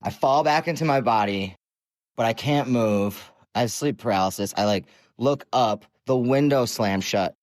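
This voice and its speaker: A man's voice: mid-range voice, normal speed, no room sound. A young man telling his own story in a casual, rambling way, full of fillers and the odd curse. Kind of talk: casual spoken personal story.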